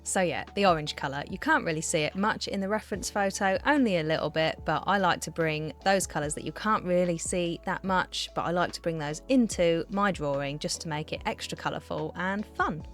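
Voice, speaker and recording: A woman with a low voice talks through her art vlog in a relaxed, chatty voiceover. She giggles often and runs herself down. Faint music plays underneath her words. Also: fairly quick, few pauses. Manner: chatty, giggly, self-deprecating. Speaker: art vlogger. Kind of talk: casual voiceover narration. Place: home art studio.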